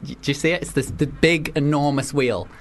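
A man's voice: a little high, fairly even intonation, a little fast, a little hiss or hum. A young man hosting a radio show, teasing and playful with lots of restarts. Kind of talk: casual comedic chat.

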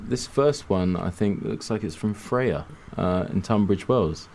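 A man's voice: fairly low pitch, unhurried, vocal fry, a little mellow. A man, co-hosting a casual radio chat, reading out listener messages and tossing in dry, wry remarks. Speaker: radio co-host. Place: radio studio.

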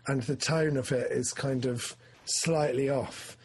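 A man chatting casually about films, rambling and animated, sometimes acting out his own excitement. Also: mid-range voice, a little slow, slightly rough. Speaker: film discussion co-host. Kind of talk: casual chat.

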